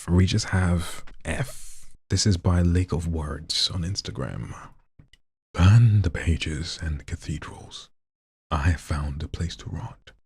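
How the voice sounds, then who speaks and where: A man hosts a live show, reading listener-submitted poems in a soft, near-whispered voice and chatting loosely with slang in between. His very deep voice is husky and breathy, with no room sound.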